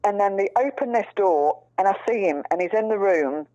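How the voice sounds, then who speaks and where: A woman's voice: mid-range voice, animated, brisk, dark tone, no echo. A woman telling a story in a casual interview, chatty and frank, swearing freely. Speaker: guest, prisoner's fiancée. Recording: dull lo-fi dry recording.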